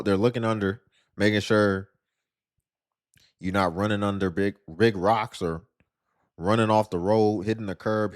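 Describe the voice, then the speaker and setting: A man's voice: lowish voice, no echo, clean studio sound. A man giving blunt, mocking reaction commentary on clips.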